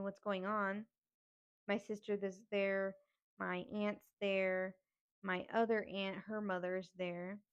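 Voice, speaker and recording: A woman's voice: mid-range voice, dull audio. A woman hosting a podcast, telling a personal story in a raw, blunt and emotional way with frequent swearing. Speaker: podcast host.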